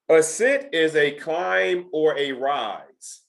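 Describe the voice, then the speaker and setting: A man's voice: medium pitch, moderate pace. A middle-aged man teaching a test prep session to students, talking emphatically and repeating his key points. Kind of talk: lecture to students.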